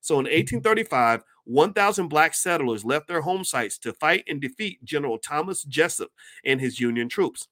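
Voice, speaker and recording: Man, higher voice, reads aloud, stumbles over words, breaks into asides. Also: moderate pace. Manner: reads passages then breaks off into animated asides; restarts and stumbles over words when reading. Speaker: commentator reading from a book. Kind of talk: casual commentary reading aloud.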